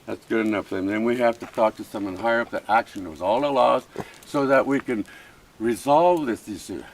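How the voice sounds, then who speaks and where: In a heated face-to-face argument with police at an outdoor protest camp, a First Nations chief pleads with impassioned insistence, repeating himself constantly. His medium-pitched voice moves fairly quickly, and the rough recording carries a little hiss or hum.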